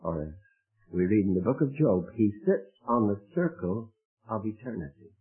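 Husky-voiced preacher on tinny radio. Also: male voice, lively intonation, moderate pace. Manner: emphatic, rising to loud high exclamations. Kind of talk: sermon. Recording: tinny phone-like radio broadcast.

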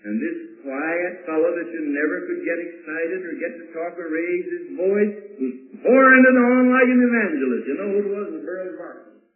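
Blunt preacher on a tinny old recording. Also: male voice, sits high, animated, normal speed, hardly any pauses, echoey room. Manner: emphatic, blunt, with rhetorical questions and dry asides. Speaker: pastor. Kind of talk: sermon.

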